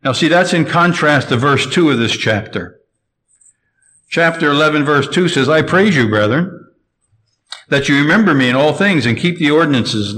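A man preaching an expository sermon, measured and emphatic, slowing down to stress key phrases. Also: medium pitch, a bit bright, poor audio.

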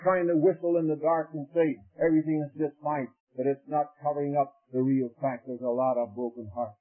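Male revival preacher, fervent and folksy, slightly high voice, thin narrow old radio sound. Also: fairly even intonation, brisk, hardly any pauses. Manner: fervent, rising to loud impassioned peaks; folksy storytelling. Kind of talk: revival sermon.

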